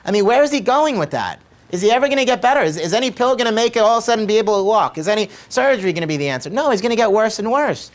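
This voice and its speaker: A man's voice: sits high, animated, racing. A middle-aged man, a chiropractor, telling a patient story to camera in a conversational way and repeating his questions for emphasis. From United States.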